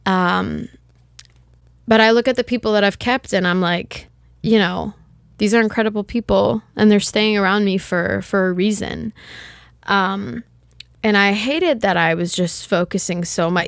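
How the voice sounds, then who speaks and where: A woman's voice: medium pitch, moderate pace, creaky, clear, resonant tone, no echo, studio quality. Candid, rambling young woman podcaster. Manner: rambling, candid, swears casually, many restarts. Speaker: podcast host. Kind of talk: solo podcast monologue.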